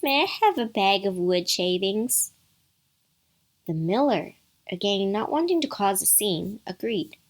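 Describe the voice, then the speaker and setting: A woman narrating a bedtime story with playful asides to the listener. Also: medium pitch.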